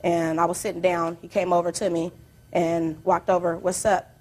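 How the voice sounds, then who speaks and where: A woman plaintiff recounts events at length before a judge. She tells her story in a rambling, animated way, piling detail on detail. Her delivery is plain courtroom testimony. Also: lowish voice, moderate pace.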